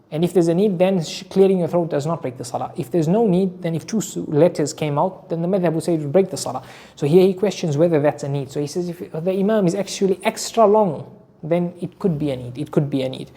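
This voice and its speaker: Slightly high and warm, the man's voice carries a religious lesson from an Islamic teacher. He lays out rulings, frequently repeats his main phrases, and uses Arabic terms throughout.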